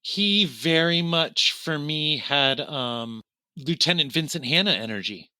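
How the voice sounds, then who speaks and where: A man co-hosting a film podcast, animated and casual, swearing and acting out bits of scenes. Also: fairly high pitch, unhurried, clean tone, dry recording. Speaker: podcast co-host.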